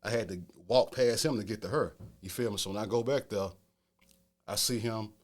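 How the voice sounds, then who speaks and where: Low-voiced storytelling man with New Orleans accent. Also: fairly quick. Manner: streetwise, repeats "you feel me?". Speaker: podcast host telling a story. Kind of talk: casual storytelling.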